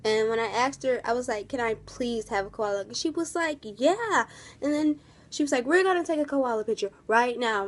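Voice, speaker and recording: A woman's voice: a little high, brisk. Gushing young woman telling a story. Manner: gushing, rambling, full of "like". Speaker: vlogger. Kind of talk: casual storytime vlog.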